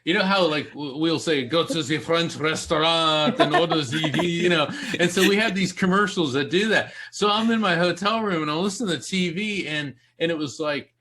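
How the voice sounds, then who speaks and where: A man doing a live psychic reading on a talk show, playful and animated. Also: high voice, a little fast, hardly any pauses. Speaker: psychic medium.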